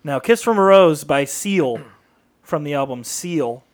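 A man co-hosting a podcast in loose, joking banter. His voice sits a bit high and swings widely in pitch as he talks. He laughs often and slips into little voices when he tells a story. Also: takes it slowly. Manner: animated, laughing, jumps into voices when telling stories. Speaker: podcast co-host. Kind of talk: casual banter.

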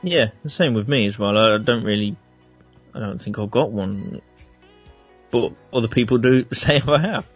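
A man's voice: fairly low pitch, normal speed, slightly rough, muffled recording, faint music behind. A man from England co-hosting a casual radio chat, easygoing as he reads out a countdown. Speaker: radio co-host.

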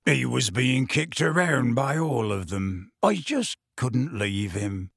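A man voicing a huge, gentle half-giant man who is anxious and close to tears, speaking in hushed, earnest tones with rustic grammar. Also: mid-range voice, lively intonation, slow, vocal fry, slightly rough, no echo, heavily acted.

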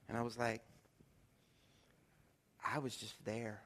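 Male pastor, middle-aged, animated storyteller preaching, sharp high tone, long reverb. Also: a little fast, gravelly, pauses often. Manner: animated storytelling preacher, swings from loud to hushed. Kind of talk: sermon. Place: church sanctuary.

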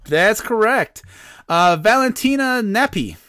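A man's voice: high voice, lively intonation, slow, pushed and bright, no echo, studio quality. A man hosting a comedy podcast, reading quiz questions in a playful, mock-serious way. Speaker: podcast host.

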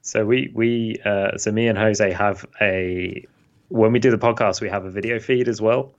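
A man with a low voice co-hosts a podcast and explains the setup in an easy, relaxed way. His sound is dull and lo-fi. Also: normal speed. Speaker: podcast co-host. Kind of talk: casual chat.

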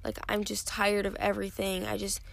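A young woman talks alone into a close podcast mic, tired and yawning as she rambles candidly with lots of fillers. Her voice has a gravelly fry. The sound is dry and close, with no room around it. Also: mid-range voice, animated, a little fast, dry recording. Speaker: podcast host. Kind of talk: casual solo podcast talk.

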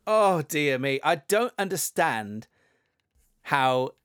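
A man's voice: a little high, sing-song, slow pace, a bit bright, smooth, no echo, clean studio sound. A man hosting a casual podcast chat, reacting with mock-dramatic emphasis.

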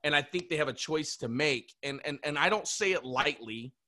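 A man hosts a podcast interview in a bright, forceful voice. He reflects aloud, speaks with emphasis and often restarts his sentences. The sound is dry, with no room echo. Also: fairly high pitch, moderate pace. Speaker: podcast host.

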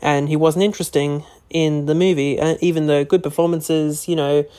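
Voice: medium pitch, steady tone, moderate pace, warm tone. A podcast host talking alone in a casual, rambling way, with many "you know" and "uh" fillers. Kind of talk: casual solo podcast talk.

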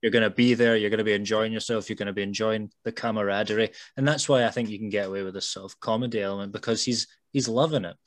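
Low-voiced man explaining calmly. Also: fast talker, hardly any pauses, dry recording. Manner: thoughtful, explains at length with "you know". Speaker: podcast guest. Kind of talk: casual film chat.

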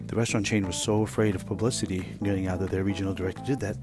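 A man hosting a podcast, telling a rambling, profane workplace story in a casual, animated way. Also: sits low, racing, music in the background. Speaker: podcast host.

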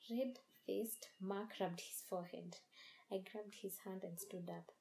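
Mellow woman narrating horror. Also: mid-range voice, steady tone, gravelly, poor audio. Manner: measured, dramatic storytelling. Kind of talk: scripted first-person horror narration.

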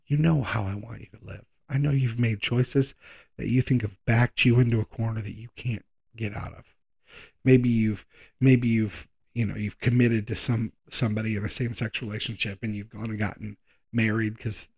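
A man preaching a sermon in a conversational way, slowing down for emphasis and speeding through quick asides. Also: fairly low pitch, steady tone, darkish tone. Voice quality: gravelly, husky voice.

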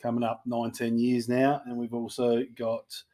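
A man's voice: medium pitch, monotone, moderate pace, mellow. Laid-back joking Australian man. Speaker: podcast co-host. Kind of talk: casual podcast chat.

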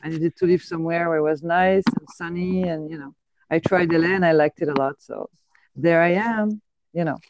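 French woman w/ accent chatting on the phone, laid back, lots of uh and um, flat dull sound. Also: on the low side, brisk. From France. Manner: relaxed, easily amused, hesitant fillers. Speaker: podcast host. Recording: dull dry phone line.

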